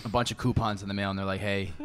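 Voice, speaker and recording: A young podcast co-host teases his friends in loose, joking banter. He talks fast in a slightly low voice. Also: fairly even intonation. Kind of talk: casual chat.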